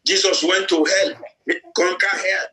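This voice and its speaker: Bright high-voiced male preacher. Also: level tone, moderate pace, slight background noise, rough recording. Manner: fervent, repetitive exhortation with acted-out quotes. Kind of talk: sermon.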